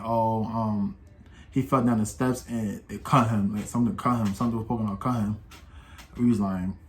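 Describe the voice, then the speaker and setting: An eighteen-year-old man telling a casual storytime, rambling and slangy, with many restarts and quoted voices. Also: mid-range voice. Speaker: vlogger.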